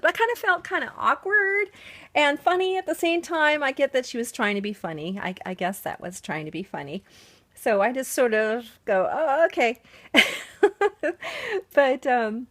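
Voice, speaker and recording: A woman telling a story to the camera in a chatty, casual way, laughing often and cooing softly while she dresses a doll. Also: high voice, expressive, normal speed. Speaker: doll collector vlogger.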